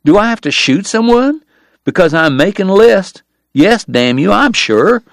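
A man's voice: high voice, sing-song, a little slow, no echo, studio quality, pitched above the performer's own voice, full character voice. A man voicing a sardonic, ailing frontier dentist-gambler with formal, theatrical phrasing. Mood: indignant.

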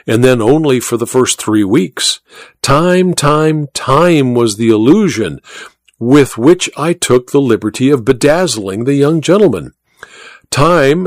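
A man's voice: medium pitch, dry recording. A man playing a suave, scheming colonel. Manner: smooth, deferential, precise. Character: scheming male colonel, suave courtly torturer. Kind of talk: audiobook character voice.

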